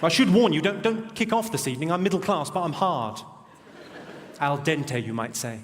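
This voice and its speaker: A male stand-up comedian with a posh English accent, delivering dry, deadpan one-liners on a theatre stage. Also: on the high side, moderate pace, slight background noise. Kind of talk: stand-up routine. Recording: reverberant theatre, loud crowd.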